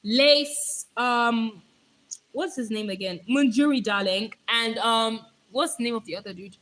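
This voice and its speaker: A young woman rambles playfully to her live stream viewers, picking up their comments as she goes. Her voice is bright and fairly high, with a slight hoarseness from talking. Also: measured pace, rough recording. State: voice going hoarse.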